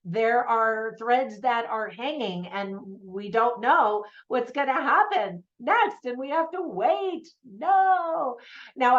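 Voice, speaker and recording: Host: woman film reviewer, chatty and upbeat, mid-pitched, slightly muffled recording. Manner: chatty and enthusiastic, laughs often. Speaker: movie reviewer. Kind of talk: casual spoken film review. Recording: slightly dull lo-fi sound.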